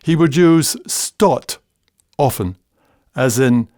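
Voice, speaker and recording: A man, giving a scripted narration in a measured, gently humorous storytelling manner. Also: mid-range voice, no echo, studio quality.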